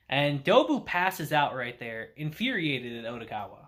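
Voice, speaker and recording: A man's voice: medium pitch, normal speed, hardly any pauses. A man reviewing an anime, casually recapping the episode and acting out the characters' quotes. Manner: animated storytelling with acted-out quotes.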